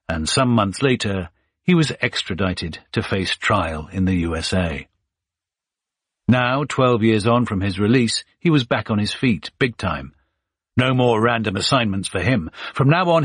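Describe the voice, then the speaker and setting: A man reads an audiobook in a very low voice with a husky grain. He tells the story at a steady, measured pace. The sound is dry and close, with no room around it. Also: no room sound. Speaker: audiobook narrator. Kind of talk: scripted audiobook narration.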